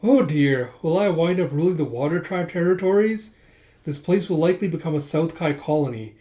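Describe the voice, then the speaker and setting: A man's voice: on the high side, a little fast, warm tone, voice pushed up, close to an everyday voice. A man voicing a melodramatic, scheming male villain who wails and shrieks in self-pity while reading a comic aloud. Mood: theatrical self-pity. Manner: wailing, theatrical, rising to shrieks. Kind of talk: casual manga readthrough with voiced lines.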